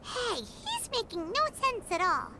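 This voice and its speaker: A woman voicing a tiny, chatty fairy companion in a video game, with a whiny, squeaky manner. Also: wildly swooping pitch, unhurried, heavy background noise, heavily acted. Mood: puzzled. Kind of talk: game voice acting. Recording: game audio under loud music.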